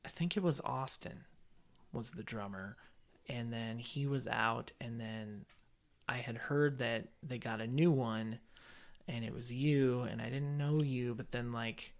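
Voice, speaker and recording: A man in his thirties hosts a podcast in a casual, chatty way. His voice sits in a plain middle range, and he leans on "like" as he recalls things. He sounds relaxed and conversational. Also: mid-range voice, measured pace, gravelly. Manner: easygoing, chatty, uses "like" a lot. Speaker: podcast host. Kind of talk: casual interview chat.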